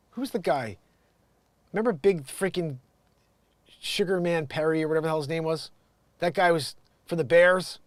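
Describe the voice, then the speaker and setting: A man hosting an improvised comedy show, reading news stories and tangenting into jokey, rambling asides and mock announcer voices. His voice sits slightly high. The close mic gives a dry, roomless sound. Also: no echo.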